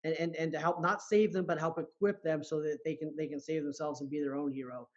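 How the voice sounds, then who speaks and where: A man's voice: on the high side, fairly even intonation, quick pace, lo-fi sound. A man speaking as a motivational coach and guest on a podcast, earnest, often repeating words as he starts a sentence. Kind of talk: motivational talk.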